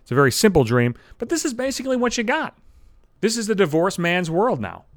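Podcast host, man, 30s, profane animated ranter, slightly high voice, dry close sound. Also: fairly quick, dry recording. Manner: foul-mouthed, animated ranting. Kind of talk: profane solo podcast rant.

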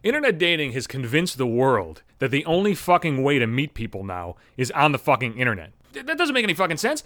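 Male podcaster, 30s, slightly high voice, fast sarcastic swearing rant, dry close recording. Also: a bit bright, no echo. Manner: agitated, swearing constantly, sarcastic. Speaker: podcast host. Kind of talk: profane solo rant.

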